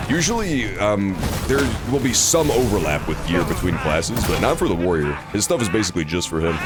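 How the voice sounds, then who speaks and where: A male game streamer with a low voice that swings widely in pitch as he jokes and reacts sarcastically. Game music plays clearly under his talk. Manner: joking, sarcastic, animated reactions. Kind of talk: casual gameplay commentary.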